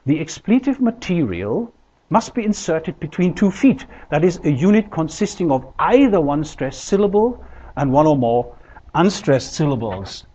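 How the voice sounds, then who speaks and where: Guy giving a uni lecture, kinda high husky voice, slow careful explaining, muffled lo-fi sound. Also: very animated, dark tone. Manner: measured, explanatory, deliberate pauses. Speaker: linguistics lecturer. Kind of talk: recorded university lecture. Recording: dull lo-fi lecture recording.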